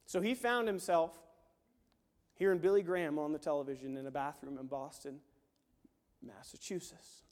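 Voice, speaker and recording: Male pastor, high voice, lively storytelling sermon, hushed to shouting, long hall echo. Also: normal speed, pauses often. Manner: animated, swings from hushed to shouting.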